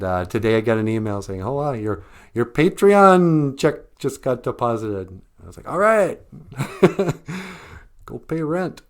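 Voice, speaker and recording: A man hosting a language show, talking casually to viewers with frequent laughs and joking asides. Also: on the low side. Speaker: host of an Ojibwe language show. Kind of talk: casual talk to camera.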